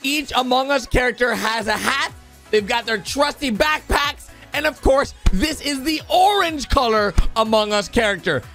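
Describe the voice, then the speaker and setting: Very high-voiced excitable man. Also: soft background music. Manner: excitable, exclaiming, quick gasps and laughs. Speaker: YouTube host. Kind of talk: excited reaction commentary.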